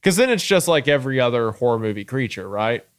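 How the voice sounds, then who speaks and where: A man's voice: medium pitch, big pitch swings, fast, clear, resonant tone, no echo, studio quality. A young man co-hosting a podcast, thinking aloud in casual discussion with fillers and restarts. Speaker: podcast co-host.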